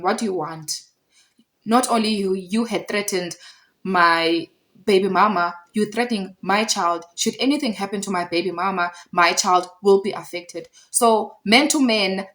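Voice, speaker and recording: A woman with a South African accent voicing a stern, protective young man confronting a neighbour in a low, firm way. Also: normal speed, fairly bright tone, natural voice.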